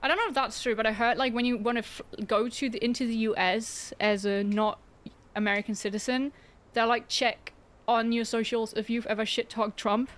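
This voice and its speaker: A woman's voice: on the high side, fairly even intonation, a little fast, a bit bright. A young woman streaming a game, chatting casually with her viewers in a sarcastic, giggly way. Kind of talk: casual gameplay livestream chat.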